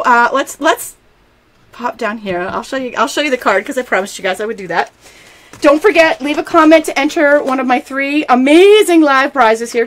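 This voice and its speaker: Gushing woman hosting a live craft stream. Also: medium pitch. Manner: gushing, excitable, talks straight to viewers. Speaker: stamping demonstrator hosting a live craft show. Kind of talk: casual live-stream chat.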